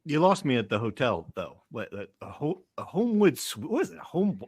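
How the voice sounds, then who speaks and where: A man's voice: fairly high pitch, big pitch swings, a little fast, husky, no echo, studio quality. A man hosting a casual sports podcast, joking and teasing his co-hosts. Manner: joking, teasing, self-described hotel snob. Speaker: podcast host.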